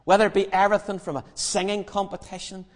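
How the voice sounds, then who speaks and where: A man telling a Bible story in an animated, humorous sermon, acting out the scenes. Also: high voice, fast, long reverb tail. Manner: lively, acts out the story, humorous. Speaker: preacher.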